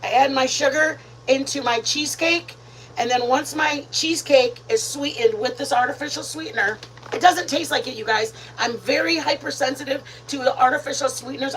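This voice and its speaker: This is casual live-stream chatter from a home kitchen, where a woman cooks and talks to viewers she calls "you guys" in a rambling way. She has a fairly high, fairly bright voice, and the poor audio carries a little hiss or hum.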